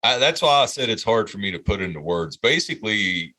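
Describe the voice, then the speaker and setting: Guy in his 30s on a podcast, deep punchy voice, swears a ton, rambles through a story. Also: lively intonation, brisk, bright, forceful tone. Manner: profane, rambling, heartfelt storyteller. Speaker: podcast co-host. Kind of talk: casual storytelling chat.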